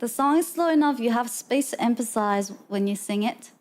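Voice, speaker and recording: A woman's voice: on the high side, big pitch swings, measured pace. A woman streamer chatting casually with her chat, laughing often and talking in loose, restarting sentences. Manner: lots of "like" fillers and restarts. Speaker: VTuber streamer.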